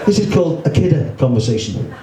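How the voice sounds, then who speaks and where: Liverpool poet reciting comic rhymes live, slightly high voice, recorded from a distance in a reverberant room. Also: male voice, sing-song, fast, a loud crowd. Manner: rhythmic, rhyming delivery with wry humour. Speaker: poet and performer. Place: pub function room. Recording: echoey room, distant mic, faint hum.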